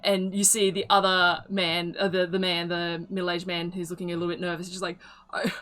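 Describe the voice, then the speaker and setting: A woman's voice: on the low side, level tone, fairly quick, fairly bright tone. A woman narrating a tabletop game as game master in a casual, rambling way. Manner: casual, filler-heavy narration.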